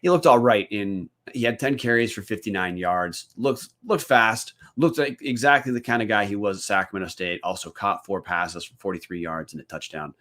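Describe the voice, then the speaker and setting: A man with a low voice runs a solo sports podcast. His delivery is casual and conversational, full of quick restarts and filler words as he works through a weekly rundown. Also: a bit bright. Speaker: podcast host.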